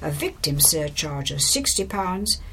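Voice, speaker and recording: Gravelly woman reading court news. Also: sits low, very animated, measured pace, a bit bright, a little hiss or hum. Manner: crisp, matter-of-fact read-aloud delivery. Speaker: volunteer news reader. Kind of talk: reading local newspaper stories aloud.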